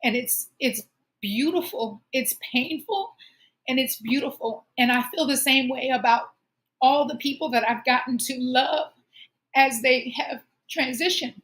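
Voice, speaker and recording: A woman's voice: sits high, a little slow, a bit bright. A woman hosting her own show, speaking earnestly and encouragingly in a heartfelt personal monologue. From Omaha, United States. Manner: earnest, encouraging, emotional at times. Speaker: show host.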